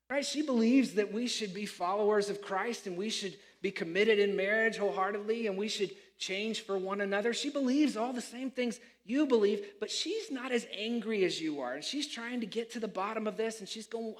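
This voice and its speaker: A man preaching a sermon as pastor, animated and acting out the people he quotes. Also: high voice, moderate pace.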